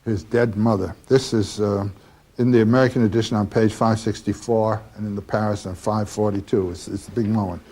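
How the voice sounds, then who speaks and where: A man lecturing on a novel, talking slowly and haltingly with many fillers. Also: lowish voice, fairly even intonation, warm tone. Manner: slow and halting with frequent fillers. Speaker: literature lecturer.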